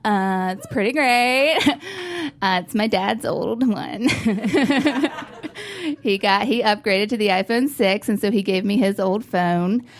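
A woman's voice: medium pitch, expressive, slow pace. A young woman doing a stand-up set, laughing between jokes and stretching out her punchlines. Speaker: stand-up comedian.

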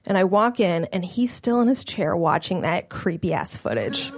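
A young woman doing stand-up, telling a story in an animated way and laughing as she goes. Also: on the low side, normal speed, hardly any pauses. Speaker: stand-up comedian.

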